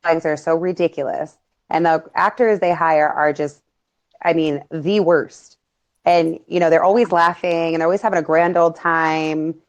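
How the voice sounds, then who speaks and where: A woman's voice: sits low, normal speed, muffled recording. A woman hosting a casual talk show, chatting with lots of fillers and laughs. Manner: animated, laughing, many fillers. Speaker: podcast host. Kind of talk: casual conspiracy chat.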